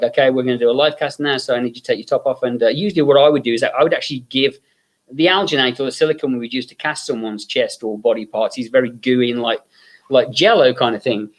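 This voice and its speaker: An English man, a guest makeup effects artist, telling long rambling anecdotes full of fillers and acted-out quotes. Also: medium pitch.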